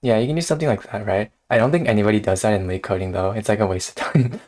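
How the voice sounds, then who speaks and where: A man's voice: fairly low pitch, rapid-fire, a little mellow. A man hosting a casual live coding stream, thinking aloud in a hesitant way and often laughing. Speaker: streamer host.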